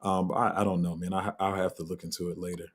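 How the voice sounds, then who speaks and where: A man's voice: sits low, flat delivery, fast, slightly rough. A man hosting a casual live crypto Q&A, answering chat in a loose, candid way and trailing off while he looks things up. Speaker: crypto livestream host.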